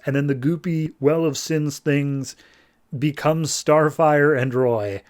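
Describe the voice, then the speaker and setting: A man with a voice on the higher side hosts a comics podcast. He recaps the story casually, jokes as he goes, and slips into quick paraphrases of the characters. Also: darkish tone. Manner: loose, joking, quotes characters casually. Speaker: podcast host.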